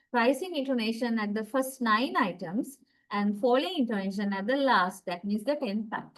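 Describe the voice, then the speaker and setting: A woman with a fairly high voice teaches an English intonation class. She explains each rule step by step, with many "uh" fillers and frequent checks of "right?". She acts out each example sentence with exaggerated rising and falling pitch. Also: rough recording. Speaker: lecturer. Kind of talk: university lecture on English intonation.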